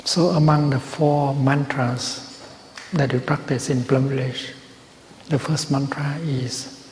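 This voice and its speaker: A man giving a Buddhist dharma talk at a retreat, speaking slowly and gently with measured pauses. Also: a little high, fairly even intonation. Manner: slow, gentle, measured phrasing with long pauses. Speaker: Buddhist teacher. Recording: roomy hall with long reverb and faint noise.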